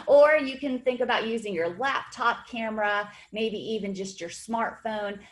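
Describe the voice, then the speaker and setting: A woman's voice: a little high, measured pace. A woman hosting a webinar for fitness trainers, with an upbeat, encouraging, conversational manner. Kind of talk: webinar presentation.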